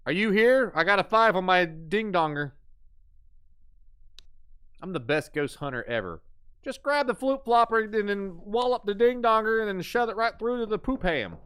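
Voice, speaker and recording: Male game streamer, slightly high voice, lively and excitable, crude comic patter. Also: moderate pace, smooth. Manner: goofy, crude, excitable joking. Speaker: livestream host playing horror games. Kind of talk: casual gameplay commentary.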